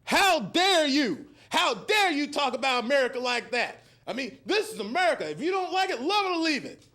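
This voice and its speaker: A man voicing an angry conservative man, ranting in a high, put-on voice. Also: sing-song, moderate pace, pushed and bright, full character voice. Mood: outraged.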